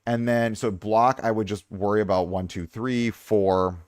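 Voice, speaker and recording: A man's voice: on the low side, fairly even intonation, a little slow, darkish tone, clean tone, no room sound, clean studio sound. A young adult man chatting casually on a live stream, reviewing viewers' game accounts and repeating himself for emphasis.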